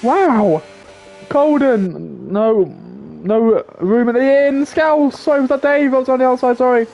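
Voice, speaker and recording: A man giving quick, excitable play-by-play commentary on a sim race, often correcting himself. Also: extremely high pitch, gravelly, dull audio, soft background music.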